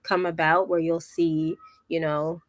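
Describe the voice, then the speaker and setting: A woman's voice: deep voice, level tone, a little slow, no room sound. A young Canadian woman hosting a podcast, chatting with an upbeat, enthusiastic manner. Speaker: podcast host. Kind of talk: casual interview chat.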